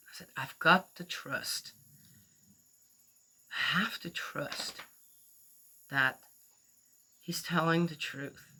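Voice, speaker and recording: A woman's voice: mid-range voice, pushed and bright. A middle-aged woman telling a personal story in a rambling, chatty way, full of fillers and acted-out quotes. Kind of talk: casual spoken storytelling.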